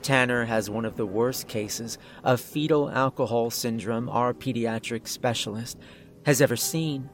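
A man's voice: medium pitch, soft background music, close to an everyday voice. A man voicing a coldly polite doctor. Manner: polite, measured, clinically detached. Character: calm menacing older male doctor, clinical.

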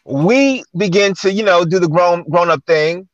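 A man's voice: high-pitched, measured pace, no room sound, dull audio. A man guest-hosting a chat show, telling stories in a casual way and acting out the dialogue he quotes. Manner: animated, acts out quoted dialogue. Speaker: guest host. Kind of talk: casual storytelling.

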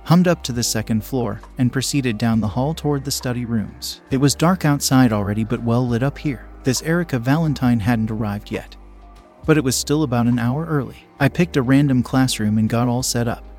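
A young man narrating a first-person story in a steady, plain reading. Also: medium pitch, fairly quick. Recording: faint background music.

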